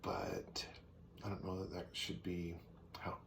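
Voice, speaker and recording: A man casually teaching songwriting, thinking aloud and sometimes clearing his throat. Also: low voice, very animated, slow, fairly bright tone. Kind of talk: casual teaching with sung demonstrations. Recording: faint background noise.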